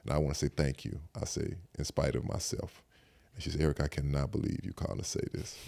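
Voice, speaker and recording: Older man, Southern American accent, low gravelly voice, quick reflective storyteller. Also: flat delivery, warm tone. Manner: reflective, repeats "I said" while retelling conversations. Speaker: podcast guest. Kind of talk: casual storytelling chat.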